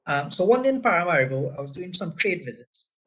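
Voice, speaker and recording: A man's voice: a little high, very animated, fast, fairly bright tone, rough recording. Trinidadian man telling a business story. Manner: conversational, frequent "right?" tags. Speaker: presenter. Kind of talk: anecdotal business talk.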